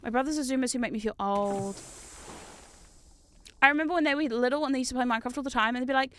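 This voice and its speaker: A woman with a New Zealand accent giving casual gameplay commentary as a streamer. She talks loudly and excitably and swears a lot. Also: high voice, quick pace, a little hiss or hum. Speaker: VTuber streamer.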